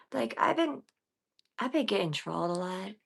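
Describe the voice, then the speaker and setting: A woman ranting bluntly and profanely to her live chat, rambling between quiet mutters and loud bursts. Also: medium pitch, animated, unhurried, creaky, slightly rough. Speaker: livestreamer. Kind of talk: casual livestream rant.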